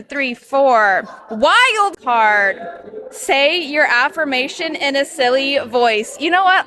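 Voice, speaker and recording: A woman's voice: high voice, sharp tone. A woman guest at a game night, talking in an upbeat, candid way. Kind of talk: casual chat.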